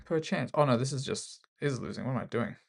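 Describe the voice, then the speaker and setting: A man's voice: medium pitch, fast talker, vocal fry. A man with an Australian accent giving casual, self-mocking live commentary while playing chess. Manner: self-mocking, joking banter with the opponent. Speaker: chess streamer.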